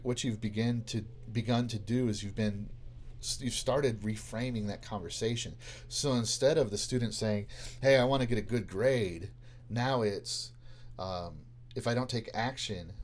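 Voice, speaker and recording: A man's voice: on the low side, a little hiss or hum. A man, a teacher, explaining classroom conversation tactics in a loose podcast style, full of fillers and restarts and acting out student-teacher exchanges. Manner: informal, halting, lots of fillers and restarts. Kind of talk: podcast explaining with role-played dialogue.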